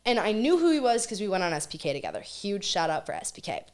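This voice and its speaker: A young adult woman, a college student guest, telling a story in a casual, animated chat and acting out quotes as she goes. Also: medium pitch, fast talker.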